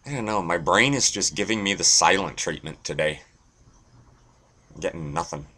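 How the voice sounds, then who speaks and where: A man's voice: low-pitched, animated, normal speed, sharp tone. A young man talking casually to camera in a rambling, crude, self-deprecating vlog monologue. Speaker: vlogger.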